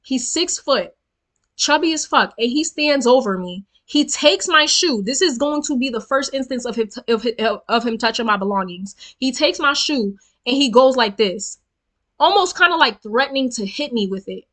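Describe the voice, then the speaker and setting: A young woman tells a storytime vlog with a bright, forceful edge. She sits a little high in her register and keeps it animated, profane and emphatic as she talks straight at her viewers. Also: normal speed. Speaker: storytelling vlogger. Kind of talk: casual storytime rant.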